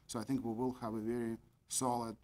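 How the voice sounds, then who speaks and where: This is a man walking a board through a formal business presentation. His voice sits at an ordinary middle pitch, and he is methodical, leaning on key words and filling pauses with "uh". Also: flat delivery, darkish tone. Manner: methodical, stresses key words, frequent fillers.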